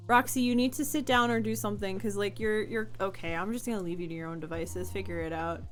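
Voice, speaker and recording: A woman's voice: on the high side, fairly even intonation, brisk, hardly any pauses, fairly bright tone, soft background music. A young woman streamer chatting casually with her chat from home, answering comments and laughing often.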